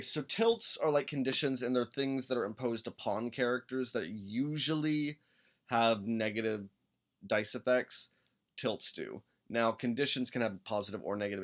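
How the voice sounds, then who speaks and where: A man's voice: medium pitch, fairly bright tone. A man hosting a live-streamed tabletop game podcast, chatting casually and rambling as he reads rules text aloud and hums to himself while he looks things up. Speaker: podcast host building a game character.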